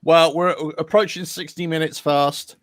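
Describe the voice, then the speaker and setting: A man on a video call with other fans, teasing the others and given to loud, joking outbursts. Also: on the high side, fairly even intonation, normal speed, no echo, clean studio sound. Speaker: fan on a watch-along stream. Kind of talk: joking match watch-along chat.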